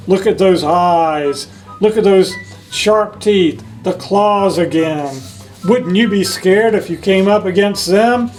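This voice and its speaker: This children's storytime features a man with a high voice reading a picture book page by page, French first and English after. He speaks gently and stops to show the kids what the illustrations depict. The audio is poor.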